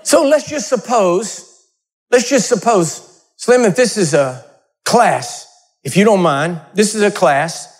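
A male preacher with a fairly high voice delivers a sermon. He talks in a loose, conversational way and keeps the congregation laughing with humorous stories. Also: expressive, slow.

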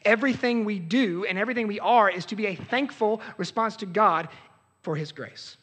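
A young adult man preaching a sermon as pastor, earnest, swinging from loud outbursts to hushed lows. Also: breathy edge. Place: church sanctuary. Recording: hall reverb.

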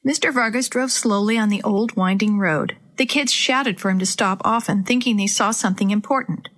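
A woman narrating a children's story aloud in a clear, even storytelling way. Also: medium pitch, normal speed.

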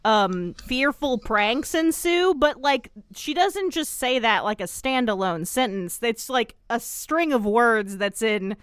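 A woman talking through a TV episode in a smooth, crisp voice that sits a touch high. She rambles sarcastically and scatters ums through her lines. The sound is close and dry, with no room around it. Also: animated, slow, hardly any pauses, dry recording. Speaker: podcast co-host. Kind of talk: casual chat recapping a TV episode.

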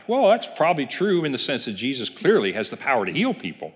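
Animated man teaching a Bible class. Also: medium pitch, fast. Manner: animated storyteller, asks the class questions. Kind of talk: casual Bible lesson. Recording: reverberant church hall.

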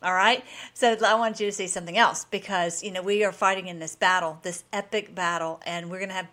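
A woman's voice: lowish voice, steady tone, a little fast, bright, forceful tone. A woman hosting a casual commentary vlog. She talks enthusiastically and rambles, with frequent restarts. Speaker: host.

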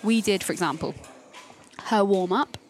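A young woman speaks as a podcast guest, open and animated about her dancing career. She talks in a loose conversational way, swearing freely, at a middle pitch. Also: moderate pace, poor audio. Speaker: guest, professional dancer.

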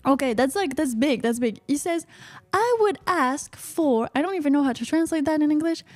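A playful woman hosts a live stream, chatting casually and dropping "uh-huh" between thoughts. Her voice sits high and bright for a woman. The sound is close and dry, with no room around it. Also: fast talker, no room sound. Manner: playful, chatty, frequent "uh-huh" fillers and giggles. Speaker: radio show host.

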